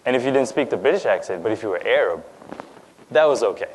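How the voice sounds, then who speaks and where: A man's voice: medium pitch, animated, quick pace, darkish tone, a little hiss or hum, poor audio. A young man from India who grew up in Dubai, giving a personal talk on stage in a conversational way, with frequent fillers and "right?" asides. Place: lecture stage.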